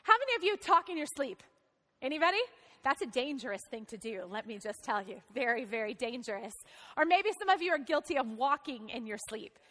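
A woman's voice: high-pitched, sing-song, fairly quick, sharp tone, big-room sound. A woman pastor preaching a sermon in a conversational way, asking the congregation questions.

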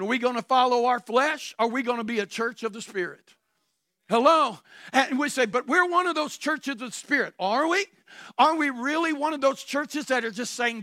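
A man delivers an impassioned sermon in a very high, bright, ringing voice. He fires off rhetorical questions and breaks into shouts. His voice sounds close and dry, with almost no room sound. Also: dry recording. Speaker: pastor. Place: church sanctuary before a congregation.

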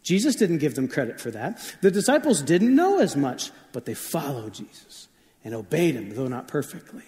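A man's voice: a little high, wildly swooping pitch, moderate pace, warm tone, in a large hall. A man preaching a sermon as pastor, telling stories in a conversational way with frequent shifts of pace.

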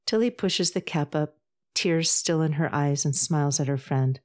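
Low-voiced woman narrating a story. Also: fairly even intonation, moderate pace. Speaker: author and podcast host.

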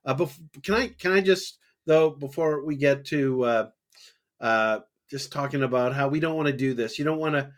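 Halting man co-hosting a faith talk show. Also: mid-range voice. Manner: halting, many fillers and restarts. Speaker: podcast co-host. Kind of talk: casual religious discussion.

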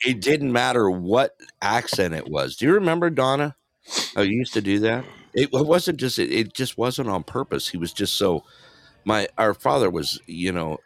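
A man's voice: sits low, dry recording, clean studio sound. A man hosting a variety show, chatting loosely with co-hosts and laughing often. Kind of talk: casual banter reading joke books aloud.

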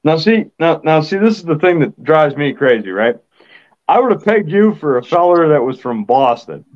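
A man's voice: on the high side, sing-song, moderate pace, a little mellow. Rambling man on a dull lo-fi mic. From Connecticut, USA. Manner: rambling, repeats himself, apologetic. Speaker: podcast co-host. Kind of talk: casual chat.

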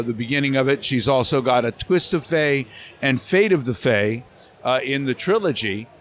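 A man's voice: medium pitch, slight background noise. A man who works as a voice actor, telling stories animatedly in an interview at a convention center and slipping into character voices. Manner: lively, slips into character voices. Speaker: voice actor guest.

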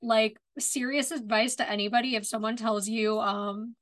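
A woman's voice: on the high side, fairly even intonation, normal speed, fairly bright tone. A woman co-hosting a podcast, chatting casually and giving frank, opinionated takes on an episode. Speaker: podcast co-host. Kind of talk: casual chat, discussing a TV episode.

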